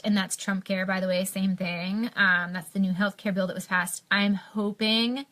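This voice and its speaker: Young american woman venting on a live stream, bright punchy voice, lots of ums and restarts. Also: medium pitch. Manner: impassioned, many fillers and restarts. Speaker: health blogger on a live stream.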